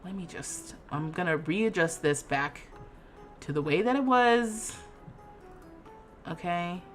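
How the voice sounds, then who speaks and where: A woman in her thirties streaming a life-sim game, ranting dramatically with loud outbursts and laughter, then settling into explanations for her chat. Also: lowish voice, slow, faint music behind. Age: 30s. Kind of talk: livestream gameplay commentary.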